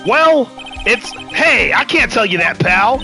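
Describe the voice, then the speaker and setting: A streamer voicing a gruff, bumbling male detective in a New York accent, calling everyone "pal", over game music. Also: medium pitch, very animated, slow, pitched above the performer's own voice, exaggerated voice. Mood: blustery. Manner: tacks "pal" onto lines, loud and blustery.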